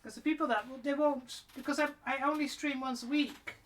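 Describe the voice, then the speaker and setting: A woman's voice: high voice, steady tone, fairly quick. A woman with a mixed British, American and Mancunian accent, chatting casually and rambling while she works on cosplay during a live stream. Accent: mixed British and American with Mancunian traces. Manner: rambling, chatty, trailing off mid-sentence.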